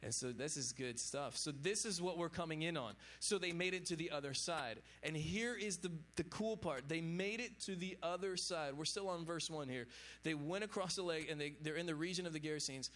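A man's voice: fairly high pitch, a little fast, fairly bright tone. A man preaching an informal sermon to young adults, chatty, with lots of casual fillers. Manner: casual, chatty, lots of fillers like "you know what I'm saying". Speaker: pastor.

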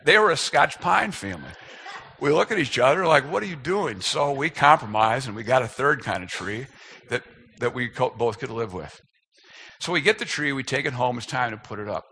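A man's voice: medium pitch, lively intonation, normal speed, pushed and bright, a little hiss or hum. A man in his fifties, a speaker telling a self-deprecating, humorous personal story as part of a sermon.

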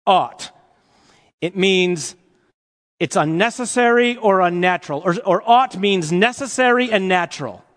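A man preaching a sermon to his congregation in an animated, playful way, asking them rhetorical questions. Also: sits high, a little slow. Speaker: pastor. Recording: long hall reverb.

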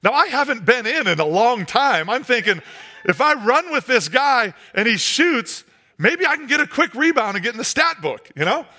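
High, lively male preacher telling a story. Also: normal speed. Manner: animated storyteller, drops to a hush for effect. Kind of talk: sermon with comic sports story.

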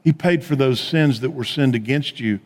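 A man preaching a sermon as pastor, telling stories in a conversational way and dropping to a hush on key points. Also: mid-range voice, moderate pace, long reverb tail. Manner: conversational storytelling preacher, swings from animated to hushed.

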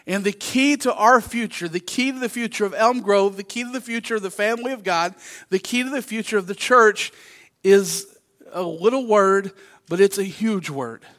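A high, bright male voice preaching from the pulpit. He tells anecdotes with animated energy, acting out the other people's voices. The delivery is loose and conversational, full of asides to the congregation. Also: normal speed. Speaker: pastor. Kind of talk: sermon.

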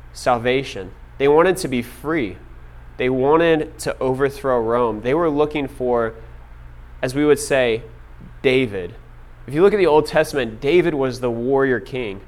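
A young man preaching a casual sermon, telling stories with lots of filler words. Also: mid-range voice. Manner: casual storytelling with many fillers. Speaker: pastor.

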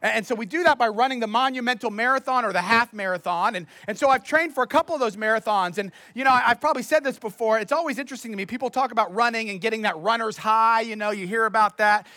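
A man's voice: very high-pitched, fast talker, hardly any pauses, sharp tone, no echo, clean studio sound. A man preaching a sermon as pastor, telling stories in a conversational, self-deprecating way.

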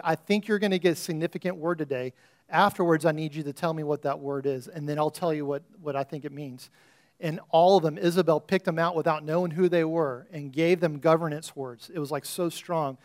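Fervent pastor, fairly high voice. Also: male voice. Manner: conversational, storytelling preacher, rising into fervent prayer. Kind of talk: church sermon and offering prayer. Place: church sanctuary before a congregation.

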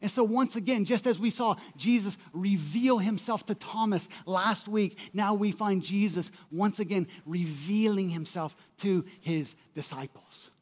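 Male pastor, high voice, lively storytelling sermon, big hall echo. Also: unhurried, hardly any pauses. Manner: animated storytelling, acting out quotes, conversational asides. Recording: long hall reverb.

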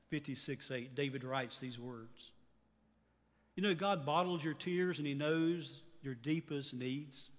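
A pastor in his fifties preaching a sermon earnestly, his voice rising on exhortations and dropping low at the ends of phrases. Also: big-room sound. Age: 50s.

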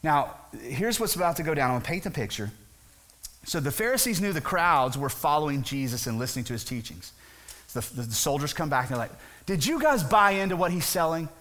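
A man's voice: medium pitch, expressive, fast, a bit bright. A male pastor preaching a conversational sermon, briefly acting out the voices of the people in his story. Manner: conversational, acts out voices of the crowd.

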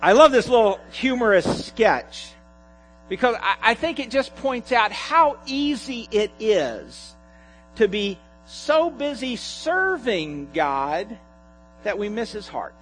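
Animated male pastor telling a story. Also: high voice, slow, faint music behind, rough recording. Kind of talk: sermon with a read-aloud humorous sketch.

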